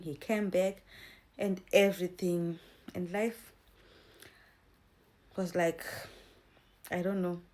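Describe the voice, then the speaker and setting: A woman's voice: fairly low pitch, a little mellow. Young woman telling a storytime chat. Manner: chatty, addresses viewers as guys, acts out quotes. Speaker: vlogger. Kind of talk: storytime vlog.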